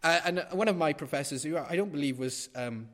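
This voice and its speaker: A middle-aged man preaching in a church, his fairly high voice carrying with a long hall reverb. He is emphatic and drives his points home by repeating phrases. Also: a little fast, fairly bright tone. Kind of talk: sermon.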